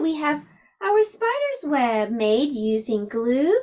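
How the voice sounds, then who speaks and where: A woman teaches a preschool class, reading a picture book aloud and speaking gently and expressively to the young children. Her voice sits high, with a slow, sing-song delivery.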